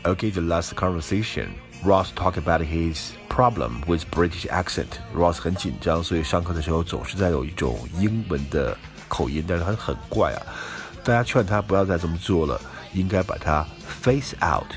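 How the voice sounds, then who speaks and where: A man with a very deep voice calmly explaining phrases as a language teacher. Faint music plays behind him. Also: normal speed. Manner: explanatory, steady. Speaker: English teacher. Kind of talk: language lesson narration.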